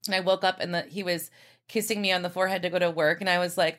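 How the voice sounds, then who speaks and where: A woman with a somewhat low voice chats effusively as a podcast guest. Her speech is filled with fillers and asides. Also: little pitch movement, fast, fairly bright tone. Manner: chatty and effusive, many fillers. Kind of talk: casual chat.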